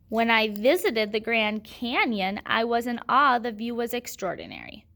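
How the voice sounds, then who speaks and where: A woman's voice: a little high, sing-song, normal speed, vocal fry, hardly any pauses, bright, forceful tone. A woman teaching a grammar lesson, patiently asking questions and answering them herself.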